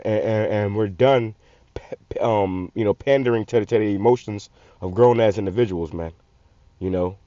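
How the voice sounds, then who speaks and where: A man's voice: fairly low pitch, dark tone, no room sound. A man, giving blunt, profane casual commentary on a video, often repeating and restarting words. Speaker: channel host. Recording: muffled lo-fi audio.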